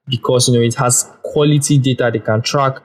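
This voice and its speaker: A man talking casually on his own podcast, a rambling storyteller who drifts between explanation and anecdote. His voice sits at an ordinary pitch for a man, relaxed and conversational. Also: a little fast. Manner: rambling storyteller, chatty with fillers. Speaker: podcast host. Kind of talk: casual solo podcast monologue.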